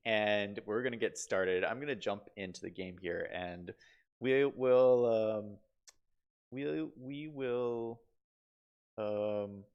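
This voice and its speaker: Casting: male game streamer, a bit stuffy from a cold, excitable, lively up-and-down delivery. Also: on the low side. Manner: chatty, excitable, repeats himself. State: congested from a cold. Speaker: streamer host. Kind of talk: casual live-stream chat.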